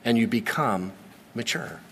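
A man's voice: medium pitch, animated, creaky, a little hiss or hum. Man preaching in a reverberant church. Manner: earnest preaching with dramatic slow pauses and repetition. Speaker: pastor. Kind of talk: sermon. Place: church sanctuary. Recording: long reverb of a large church hall.

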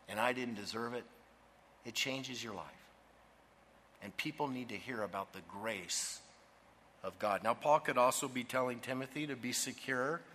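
Emphatic preacher with a bright voice in a reverberant hall. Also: male voice, mid-range voice, a little hiss or hum. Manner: emphatic, asks the congregation to fill in words. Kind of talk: sermon.

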